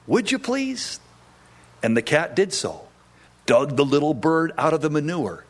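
A man preaching a sermon, telling a story and acting out quoted voices, with sudden drops into a low tone. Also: a bit bright.

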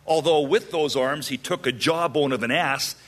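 A man preaching verse by verse, animated and humorous, acting out the people in the story. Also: fairly high pitch, normal speed. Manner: animated, acts out voices of characters with humor. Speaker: pastor. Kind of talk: expository Bible teaching.

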